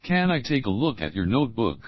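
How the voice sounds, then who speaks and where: A man's voice: mid-range voice, very animated, dry recording, highs cut off. A man reading example questions one by one for English learners, saying the opening words and then the whole question. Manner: slow, clear drill reading, repeating each opening phrase. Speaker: English teacher.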